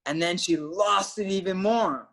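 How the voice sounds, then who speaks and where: Passionate man, higher voice. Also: unhurried, fairly bright tone. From Canada. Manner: passionate, emphatic, swears casually. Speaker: trainer and guest coach. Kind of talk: casual storytelling talk.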